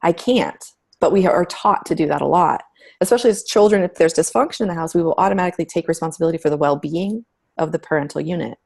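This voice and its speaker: Low husky gravelly woman, candid. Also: quick pace, darkish tone. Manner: candid, storytelling, emphatic with frank language. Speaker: guest. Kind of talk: conversational interview.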